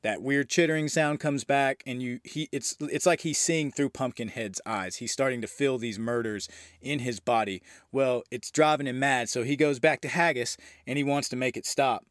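A movie review podcast host, a man with a middle-pitched voice, walks through a horror film scene by scene at normal speed in a loose, excited recap. He uses lots of fillers and swears now and then. The audio is close and dry, with no room sound.

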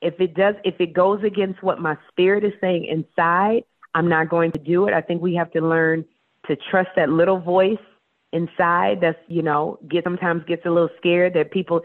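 A woman's voice: on the low side, moderate pace. Woman guest on a tinny phone line. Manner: animated storyteller, playful. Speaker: talk show host as guest. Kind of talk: casual interview chat.

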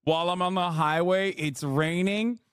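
A man's voice: sits high, normal speed, fairly bright tone, clean tone, no echo, clean studio sound. A man hosting a live stream, reacting to video clips with mocking, profane commentary and laughing asides. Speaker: streamer host.

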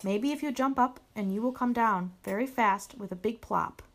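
A woman voicing a calm, caring mother bear in a storybook read-aloud, with a gentle, motherly tone. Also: fairly high pitch, moderate pace. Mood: teasing.

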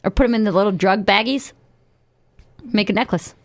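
A woman co-hosting a live radio show, chatting casually and teasing her co-host, with a slight lisp from new dental aligners. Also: mid-range voice. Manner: chatty, teasing, quick to laugh. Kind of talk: casual studio chat. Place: radio station studio.

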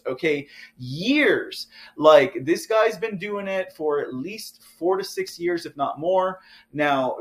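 A man's voice: a little high, fairly bright tone. A man from Texas, hosting a live political commentary show in a fired-up, ranting way, often tossing in "okay?" and "guys".

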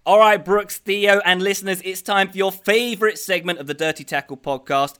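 A man's voice: high voice, a little fast, hardly any pauses, a bit bright, smooth. A man hosting a casual podcast, running a quiz segment with a wry, joking manner.

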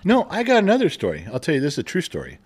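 A middle-aged man co-hosting a casual family podcast, teasing his family and telling long deadpan joke stories. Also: on the high side, rapid-fire, breathy edge. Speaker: podcast co-host, dad.

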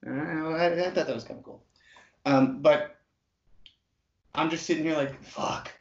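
A man in his twenties telling an animated story, swearing freely and acting out the other people's lines. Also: a little high, moderate pace, creaky, dull audio.

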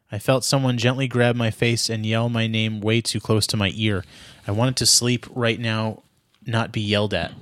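A man's voice: mid-range voice, fairly bright tone, dry recording, studio quality. A man reading a melodramatic story aloud in a mock-serious tone, stopping now and then to joke with a co-host. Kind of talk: dramatic reading with banter.

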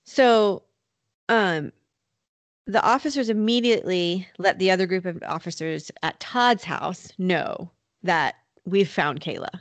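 Woman, low-pitched podcast host; casual true crime narration, filler-heavy, dry close mic. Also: measured pace, no echo. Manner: conversational, many "like" and "you know" fillers. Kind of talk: casual storytelling chat. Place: North Carolina.

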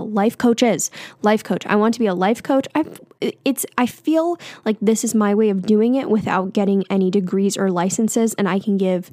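A woman's voice: medium pitch, a little mellow, no echo, clean studio sound. A young woman in her twenties hosting a solo podcast, talking in a chatty, candid way with fillers and small laughs. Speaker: podcast host. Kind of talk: casual solo podcast chat.

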